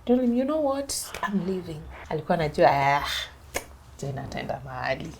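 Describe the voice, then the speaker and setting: A woman's voice: sits low, very animated, a little fast, vocal fry, a little hiss or hum. A young Kenyan woman with a Kenyan accent, recounting a personal story as an interview guest and switching between English and Swahili. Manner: mixes English and Swahili, acts out others' lines.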